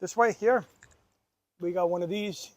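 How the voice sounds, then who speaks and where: A man's voice: high-pitched, a little slow, no room sound. A man co-hosting a podcast, telling stories in casual chat, often laughing and stumbling over restarts. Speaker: podcast co-host.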